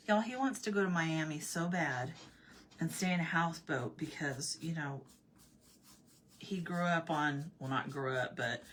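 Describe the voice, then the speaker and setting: A woman originally from Arizona telling a funny everyday story in a casual vlog, animated, repeating herself and laughing often. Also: low-pitched, slight background noise. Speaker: vlogger.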